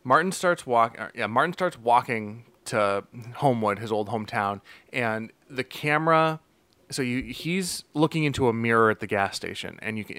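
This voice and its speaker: A man's voice: medium pitch, clean tone, dry recording. A man co-hosting a casual podcast, recapping a TV episode and acting out its scenes. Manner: animated storytelling, acting out scenes. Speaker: podcast co-host.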